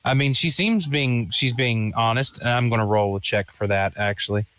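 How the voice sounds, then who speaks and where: A man's voice: mid-range voice, moderate pace, a bit bright. A man playing a tabletop game in character, talking bluntly in a rambling, colloquial way. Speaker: player. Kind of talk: in-character tabletop role-play.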